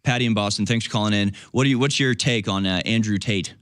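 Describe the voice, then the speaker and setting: A man hosting a call-in radio show, wry and quick to laugh. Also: lowish voice, fairly bright tone, clean tone, no echo, clean studio sound.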